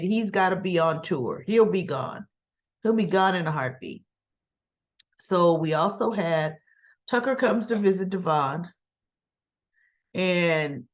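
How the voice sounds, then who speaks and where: A woman's voice: mid-range voice, dull audio. A woman casually recapping soap opera scenes, retelling the dialogue in a chatty, loose way. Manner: chatty, retells scenes with quoted lines and laughs.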